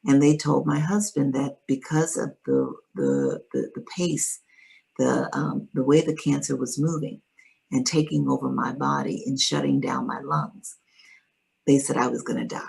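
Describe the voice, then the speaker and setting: Low, gravelly-voiced woman telling her story. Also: measured pace, rough recording. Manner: calm, reflective retelling. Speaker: interview guest. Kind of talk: personal storytelling in an interview.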